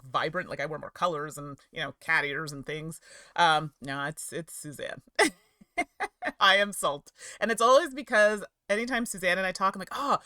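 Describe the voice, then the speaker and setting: Bright, chatty woman streamer. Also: lowish voice, no echo, studio quality. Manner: chatty and giggly, rambling asides to chat. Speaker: streamer and game reviewer. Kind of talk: casual livestream chat. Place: home office.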